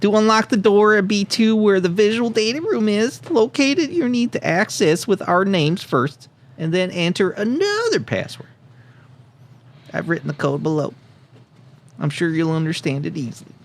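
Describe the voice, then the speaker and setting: A man's voice: high voice, sing-song, normal speed, voice pushed up. A man voicing a nerdy male scientist with a Southern accent, reading out an earnest farewell letter. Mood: pleading.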